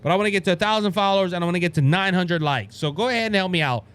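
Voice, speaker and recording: A man's voice: high-pitched, very fast, a bit bright, clear, resonant tone. A man with a Louisiana Cajun accent hosting a political podcast, talking fervently and restarting his sentences often. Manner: fervent, repetitive, with stammered restarts. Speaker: podcast host. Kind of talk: political commentary monologue.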